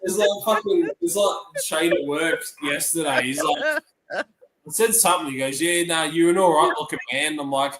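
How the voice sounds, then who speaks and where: A man's voice: fairly high pitch, moderate pace, echoey room, a loud crowd, poor audio. A man co-hosting a livestream, telling funny work stories in casual chat and swearing freely. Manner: swears freely, animated retelling. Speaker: livestream co-host.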